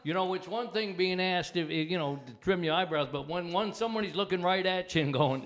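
An older man, a comedian, telling stories in a rambling, halting way during a casual studio chat. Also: high-pitched, a bit bright. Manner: rambling, halting, many restarts. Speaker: comedian guest. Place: TV studio with live audience.

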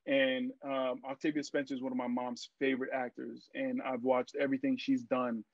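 A young man and actor, a podcast guest, telling stories in a casual interview, lively and full of fillers as he acts out what people said. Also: mid-range voice, moderate pace, hardly any pauses, dry recording. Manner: animated storyteller, acts out quotes, many fillers. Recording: dry, muffled lo-fi sound.

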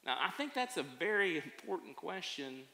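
A man who preaches a sermon as a pastor, telling stories with folksy humor and animated delivery. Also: on the high side, normal speed. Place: church sanctuary. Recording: echoey church sanctuary.

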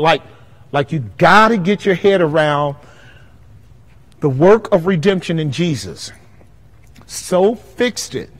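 An impassioned male pastor with a high-pitched voice preaches to his congregation and keeps checking that they follow. He swings from loud, soaring bursts down to low, hushed passages. The sound carries a long reverb from a church hall. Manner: impassioned preaching with call-and-response questions. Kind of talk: sermon at a Bible study.

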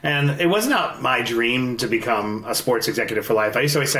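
A man in his forties, a guest in a casual interview, telling personal stories candidly with quick bursts and restarts. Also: medium pitch, pushed and bright. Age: 40s. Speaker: guest, investor. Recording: roomy echo.

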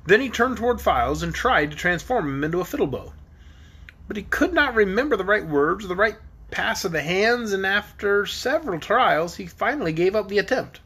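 A man narrating a children's fantasy book in a steady storytelling manner. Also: high-pitched, a little fast, slightly rough. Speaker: audiobook narrator. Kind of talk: storybook reading.

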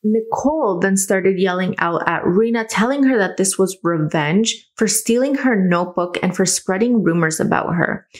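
A woman hosting a true crime channel, earnestly retelling a case and adding her own comments. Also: mid-range voice. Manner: earnest, adds personal comments.

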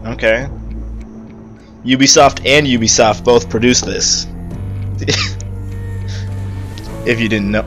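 A young man doing let's-play commentary, loud and profane, breaking into squealing outbursts and jokes. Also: medium pitch, slow pace, creaky, pauses often, soft background music. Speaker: gaming YouTuber.

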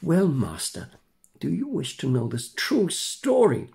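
A man's voice: fairly high pitch, wildly swooping pitch, a little slow, vocal fry, a little mellow, exaggerated voice. Older man doing a cheeky puppet boy. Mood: storytelling. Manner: mischievous, sing-song. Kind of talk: storybook reading.

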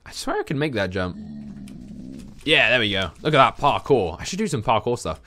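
A young man giving casual, excitable let's-play commentary while playing, talking back to the game's creatures. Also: mid-range voice, a little fast, a little hiss or hum. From England. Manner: excitable, jumpy, talks to game creatures. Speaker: gaming YouTuber.

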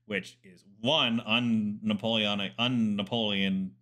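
Guy reacting to a history doc, bright tense voice, rambly asides, lowish pitch. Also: fairly even intonation, slow pace. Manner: chatty, digressive, with fillers and asides. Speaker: military historian reacting to a documentary. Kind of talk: casual reaction commentary.

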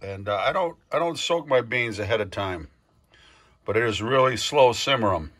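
A man's voice: mid-range voice, animated, normal speed, fairly bright tone. An older man hosting a casual cooking demonstration, talking in a rambling, folksy way full of fillers and restarts. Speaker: cooking show host.

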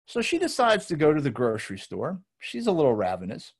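A man with a slightly high voice gives an energetic talk to a live audience. He tells the story with lots of animation, acting out little quotes as he goes. He often stumbles and restarts his sentences. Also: a little fast, few pauses, husky. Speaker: weight loss coach presenter.

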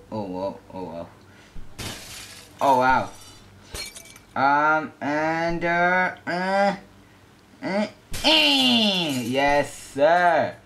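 A young man giving casual gameplay commentary, excitable and yelping at the game. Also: a little high, a little hiss or hum. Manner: excitable, yelps and shrieks at the game. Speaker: gaming YouTuber.

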